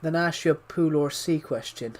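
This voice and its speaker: A British man streaming live and chatting with viewers, talking calmly with frequent restarts, his voice thick from being slightly ill. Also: on the high side, measured pace. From United Kingdom. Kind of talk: casual live stream chat.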